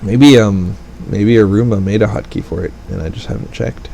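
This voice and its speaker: A man's voice: on the low side, moderate pace, gravelly, mellow, a little hiss or hum, poor audio. A man giving casual, rambling commentary over a strategy game, with wry asides. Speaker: gaming let's play commentator.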